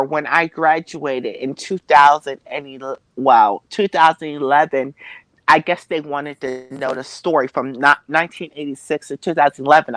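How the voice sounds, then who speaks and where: A woman's voice: sits low, fairly bright tone, dry recording, poor audio. A woman telling a personal family story as a talk show guest, hesitating and repeating herself with many fillers. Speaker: interview guest.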